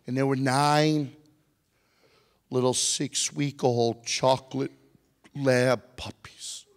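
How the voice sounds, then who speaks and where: A man with a high voice tells an animated, joking story to a live audience. He keeps breaking off to tease people in the crowd. His voice rings out with long reverb in a large hall. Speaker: motivational speaker.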